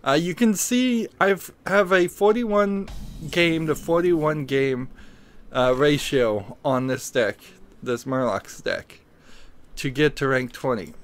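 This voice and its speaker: A man's voice: fairly high pitch, slow pace, a little hiss or hum. A man streaming a card game who has just woken up and still has his morning voice, rambling hesitantly as he thinks aloud in casual commentary. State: groggy morning voice, just woke up.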